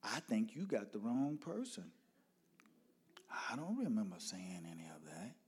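A man's voice: lowish voice, big pitch swings, a little slow, slightly rough, pitched below the performer's own voice, heavily acted. A man playing his stoic older father, who speaks with a polite, lilting Southern US accent. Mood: calmly denying. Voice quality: soft-spoken, lilting.

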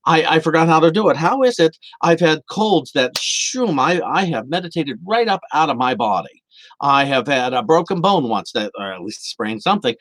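A man preaches to a camera, earnest and animated, his voice sitting a little high for a man and swinging widely in pitch. The sound is dry and close, with little room in it. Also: moderate pace, dry recording. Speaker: minister. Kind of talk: sermon. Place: indoor room of a church. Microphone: camera for a livestream.

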